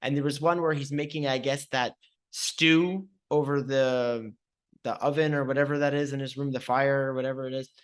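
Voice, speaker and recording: A man's voice: medium pitch, fairly even intonation, moderate pace, smooth. A man co-hosting a movie podcast, chatting casually and laughing often. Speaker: podcast co-host. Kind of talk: casual chat.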